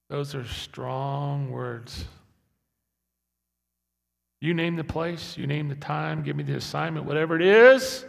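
Gravelly pastor preaching in a reverberant hall. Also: male voice, medium pitch, slow, long pauses. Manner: builds from quiet talk to loud emphatic repetition. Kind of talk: sermon. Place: church hall. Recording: echoey hall, long reverb.

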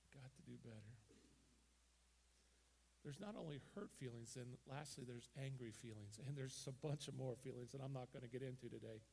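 A man preaching a sermon as pastor, emphatic, swinging from loud bursts to quiet, gravelly delivery. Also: mid-range voice, moderate pace. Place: church sanctuary.

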